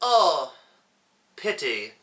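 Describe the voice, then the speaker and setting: A man voicing a greedy, psychotic male leprechaun in a put-on Irish accent, high and shrill. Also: big pitch swings, drawn-out words, exaggerated voice. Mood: greedy menace. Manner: shouting, cackling menace. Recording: echoey room, mic at a distance.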